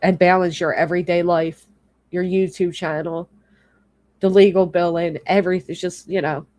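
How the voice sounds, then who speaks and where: A woman livestreaming on YouTube delivers an angry, exasperated rant in a fairly low, slightly mellow voice with fairly even intonation and a moderate pace. She swears often and takes breaks to read and thank people in her chat.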